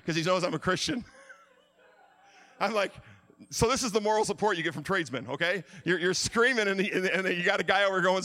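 A middle-aged man preaching a sermon, telling stories in an animated way and acting out the shouts himself. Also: on the high side, fairly quick, no room sound. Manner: animated storytelling, acts out shouts. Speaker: pastor.

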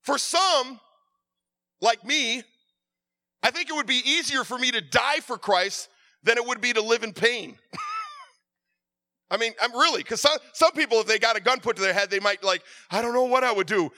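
Impassioned high-voiced male preacher. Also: wildly swooping pitch, normal speed, pauses often, no echo, studio quality. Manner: impassioned, swings from hushed to shouting, stammers and repeats words. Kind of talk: sermon.

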